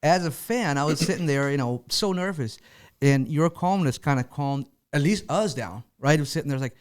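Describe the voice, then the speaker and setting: A man's voice: fairly high pitch, expressive. A man hosting a podcast who asks questions eagerly, with frequent restarts and laughs. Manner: eager and fast, with false starts and laughs. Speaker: podcast host. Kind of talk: casual interview chat.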